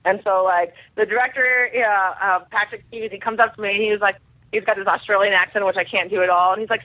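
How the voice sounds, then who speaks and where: A woman's voice: mid-range voice, steady tone, no room sound. Young woman on a tinny phone line. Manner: halting, many fillers and restarts. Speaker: guest, pro fighter. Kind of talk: casual interview storytelling.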